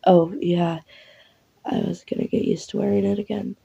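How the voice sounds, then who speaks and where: Woman doing a gruff young guy, protective, gravelly low voice, lo-fi. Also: level tone, moderate pace, mellow, exaggerated voice. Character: young man, protective, gruff toward the sister. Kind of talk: audio role-play.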